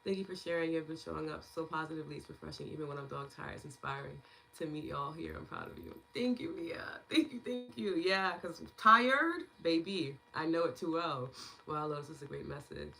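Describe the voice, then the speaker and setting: A woman's voice: low-pitched, lively intonation, fairly quick, gravelly, sharp tone, slight background noise. A woman hosting a live online gratitude session, chatting casually and affectionately, laughing often as she reads out and thanks viewers' comments.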